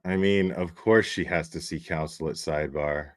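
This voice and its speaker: A man's voice: very deep voice, steady tone, moderate pace, smooth. A man hosting a casual livestream, chatting, swearing freely and thanking viewers by name. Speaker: livestream host.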